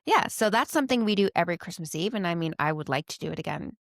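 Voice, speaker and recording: A woman in her thirties, a mother co-hosting a casual podcast chat, telling family stories in a lively way and laughing often. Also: lowish voice, quick pace, vocal fry, dry recording, studio quality. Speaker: podcast co-host.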